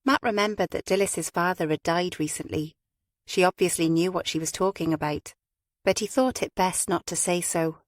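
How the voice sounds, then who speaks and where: A woman narrating a crime audiobook in a measured, even way. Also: fairly low pitch, dry recording, clean studio sound. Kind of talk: scripted narration.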